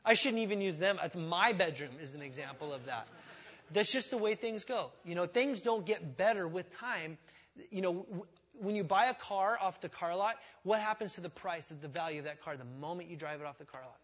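High-voiced man preaching a casual sermon. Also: expressive, fairly quick, fairly bright tone, breathy edge. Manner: conversational preaching with asides and rhetorical questions; humorous, self-deprecating. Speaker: pastor.

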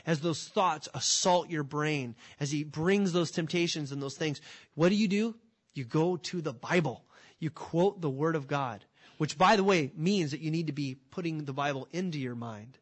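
A man preaching with emphatic energy and a slightly high voice. He keeps firing rhetorical questions at his listeners. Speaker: pastor. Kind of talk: sermon.

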